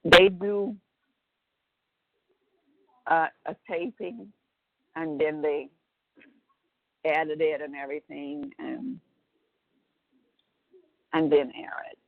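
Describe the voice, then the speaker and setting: A middle-aged woman talks slowly and haltingly, restarting her sentences. Her low voice has a gravelly rasp, heard dry through a tinny phone line. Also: fairly even intonation, a little hiss or hum. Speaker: relative on a prison call. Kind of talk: casual phone chat.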